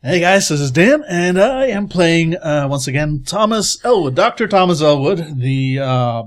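A man's voice: on the high side, lively intonation. Playful man introducing a scientist character. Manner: playful and halting, with repeated words. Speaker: tabletop role-play player.

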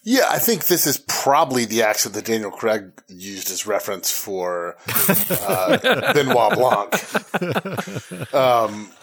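A man's voice: on the low side, animated, normal speed, few pauses, a bit bright. Man hedging opinions in casual chat. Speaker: podcast co-host. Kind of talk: casual film discussion.

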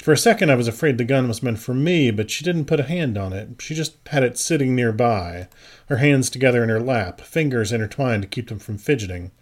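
A man narrating a first-person story in a measured, even audiobook reading. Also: medium pitch.

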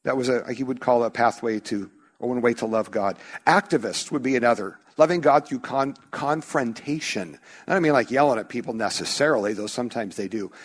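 A man's voice: medium pitch, brisk. A male pastor preaching a sermon in a church, talking conversationally and acting out little quoted voices of his listeners. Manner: conversational, animated with acted-out quotes.

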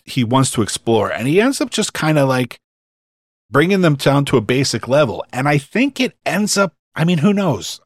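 A man's voice: mid-range voice, no echo, studio quality. A man talking casually and enthusiastically about a film, filling his sentences with "like" and "you know". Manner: enthusiastic, heavy use of "like".

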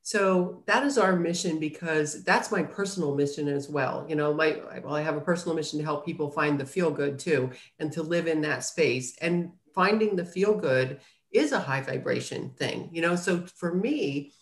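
A woman's voice: sits low, normal speed, hardly any pauses. A woman publisher talking earnestly as a guest in an interview. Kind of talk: casual interview talk. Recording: roomy echo.

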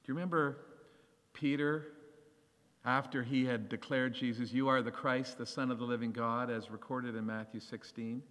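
Bright-voiced male preacher in a reverberant hall. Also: mid-range voice, normal speed. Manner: animated, acts out the voices of scripture. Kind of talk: sermon.

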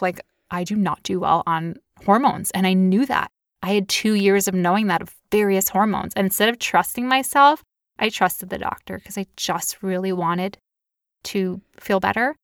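A woman's voice: medium pitch, fairly even intonation, normal speed, no room sound, clean studio sound. A woman in her thirties, co-hosting a podcast and telling personal stories in a candid, confessional way with frequent "like" fillers. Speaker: podcast co-host. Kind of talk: personal storytelling in casual chat.

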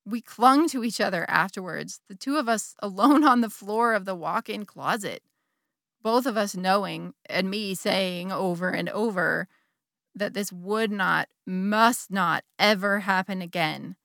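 A woman's voice: medium pitch, unhurried, creaky, fairly bright tone, dry recording, studio quality. An actress playing a middle-aged churchgoing wife who confesses an affair to her bishop, wry and candid, with sudden bursts of feeling. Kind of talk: dramatic monologue.

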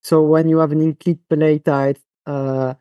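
A man from France with a French accent, a physiotherapist guest on a podcast interview, speaking haltingly with many fillers and restarts. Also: on the high side, little pitch movement, no room sound, highs cut off.

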